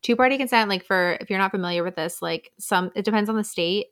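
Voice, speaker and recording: A woman chatting as a podcast co-host, retelling a story with animated, dramatic flair. Her voice is bright and sharp, and she laughs often as she goes. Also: medium pitch, fast. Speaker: podcast co-host recapping a novel. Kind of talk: casual chat.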